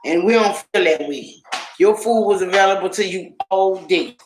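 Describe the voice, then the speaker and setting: A man's voice: sits high, moderate pace, slight background noise. A man telling stories to camera in a casual vlog, loose and profane, repeating himself as he goes. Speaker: vlogger. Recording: echoey room.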